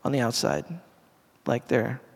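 A man's voice: mid-range voice, lively intonation, measured pace, gravelly. A middle-aged man, a pastor, giving a casual, earnest sermon to a congregation in a church hall, talking conversationally with restarts and asides. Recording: long reverb of a church hall.

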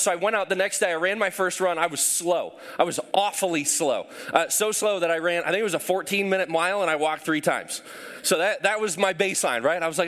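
A man's voice: sits high, fast talker, a bit bright. A man preaching a sermon to a congregation, telling a personal story with self-deprecating humor and acting out voices. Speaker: pastor.

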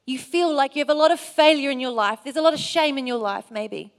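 Woman preacher, earnest storytelling sermon, high voice. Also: fairly quick. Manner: earnest, storytelling with acted quotes.

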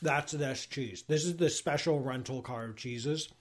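Speaking a little slowly in a mid-range voice, the man hosts a laid-back live stream, reading a sponsor message and tasting cheese. He's excitable and scattered, full of asides, restarts and "likes."

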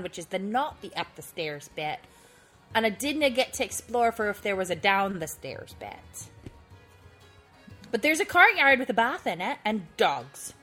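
Eager woman player, higher voice, very lively pitch, faint music behind. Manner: eager, bubbly, rambling. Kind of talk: in-character tabletop play.

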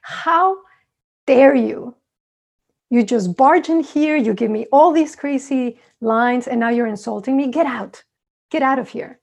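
A woman voicing a proud, gruff old male hermit in a spoken teaching story. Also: a little high, unhurried, mellow, heavily acted. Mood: indignant. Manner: gruff, defensive.

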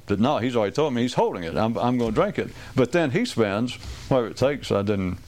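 A man's voice: medium pitch, lively intonation, quick pace, darkish tone. A man giving a rambling, wry talk to a small group, restarting sentences and acting out quoted voices.

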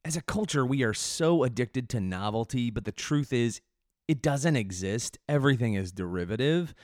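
A man's voice: on the low side, no room sound, studio quality. Rambling, self-mocking male podcast host. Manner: restless delivery with frequent restarts and sudden jumps in energy. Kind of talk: solo podcast monologue.

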